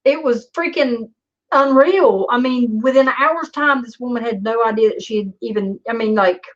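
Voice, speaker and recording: A woman's voice: on the high side, normal speed. A woman telling a story in a rambling, sarcastic way and swearing often, in a slightly dull lo-fi recording. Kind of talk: casual storytelling vlog.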